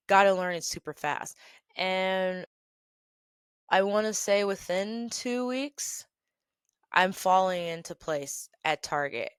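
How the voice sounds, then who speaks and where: A woman telling a story on her own show, her voice set a little low. She delivers it with sass and animation, swinging from quiet asides to loud outbursts. The sound is close and dry, with no room around it. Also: takes it slowly, clean tone, dry recording. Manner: animated, sassy, big swings in loudness. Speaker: storytelling host. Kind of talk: casual storytime monologue.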